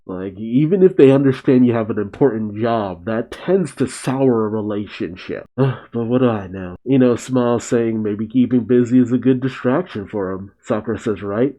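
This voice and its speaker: A man reads a manga chapter aloud for his reaction channel. His voice is dark and mellow, his pitch sits in an ordinary middle range, and he keeps breaking off into chatty, joking asides with frequent laughs. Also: low-quality recording. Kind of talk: reading manga aloud with casual commentary.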